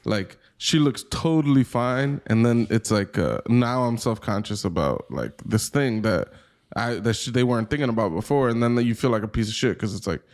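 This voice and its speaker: A man's voice: medium pitch, lively intonation, moderate pace. A man co-hosting a podcast in casual chat, thinking aloud with many restarts. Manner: rambling, many fillers and restarts, self-questioning. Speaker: podcast co-host.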